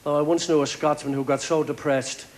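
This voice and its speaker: A man doing a stand-up comedy set of quick one-liners on a TV show. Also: a little high, steady tone, darkish tone. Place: TV studio with live audience. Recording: live TV show with crowd laughter and noise.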